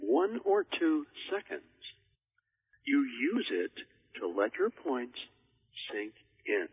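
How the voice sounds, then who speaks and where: A man coaching on public speaking in a measured way, with deliberate pauses for emphasis. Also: mid-range voice, big pitch swings, breathy edge, lo-fi sound. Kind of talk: instructional talk on a recorded program.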